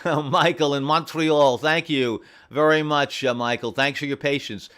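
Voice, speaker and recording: A man running an amateur radio station from home, friendly and repeating call signs slowly and carefully. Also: on the high side, steady tone, a bit bright, clear, resonant tone. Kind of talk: on-air radio contacts, reading call signs.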